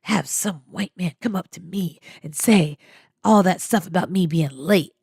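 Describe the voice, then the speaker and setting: A woman quoting her older boyfriend in a low, resentful, accusing voice. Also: measured pace, gravelly, darkish tone, breathy edge, dry recording, studio quality, full character voice. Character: sulking, evil-eyed older boyfriend.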